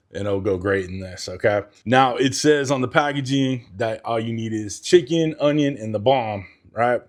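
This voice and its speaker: A man hosting a casual home cooking vlog in a chatty, self-mocking way, stumbling over words as he talks through a recipe in his kitchen. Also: fairly low pitch. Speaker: cooking channel host.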